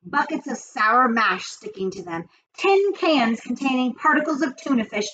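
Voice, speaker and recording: A woman's voice: sits high, very animated, moderate pace, pushed and bright, lo-fi sound, exaggerated voice. A woman voicing a wise old sheep. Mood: relishing. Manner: relishing, listing with gusto.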